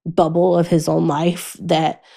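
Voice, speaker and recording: A young adult woman as a podcast guest, telling a painful personal story candidly, halting and restarting often and going quiet in the hardest moments. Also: deep voice, level tone, vocal fry.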